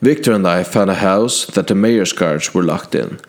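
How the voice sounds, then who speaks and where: A storyteller with a low voice narrates a fantasy adventure in character, recounting his past deeds to a king in an earnest, measured first-person style.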